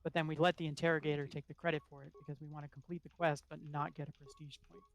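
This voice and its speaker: A man's voice: on the high side, level tone, racing. A man commentating live on his own game run, explaining the route methodically with frequent ums.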